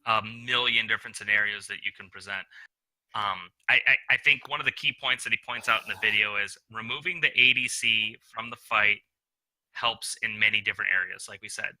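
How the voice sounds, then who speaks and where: A man's voice: lowish voice, fairly even intonation, fairly quick, sharp tone, rough recording. A man co-hosting a gaming podcast, explaining tactics in a laid-back way with some swearing. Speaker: podcast co-host. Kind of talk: casual gaming podcast talk.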